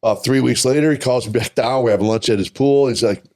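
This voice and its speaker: An older man from Minnesota chats as a podcast guest with a mid-range voice. He tells his stories in an animated way, stumbling over repeated words and breaking into laughs. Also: mid-range voice, quick pace. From Minnesota, USA. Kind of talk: casual storytelling interview.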